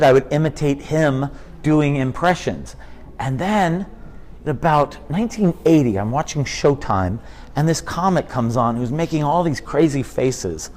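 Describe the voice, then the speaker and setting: A man in his fifties, a comedian chatting in an interview, telling animated stories and slipping into impressions. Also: medium pitch. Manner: animated storyteller, drops into impressions. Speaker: comedian guest. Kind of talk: casual interview chat.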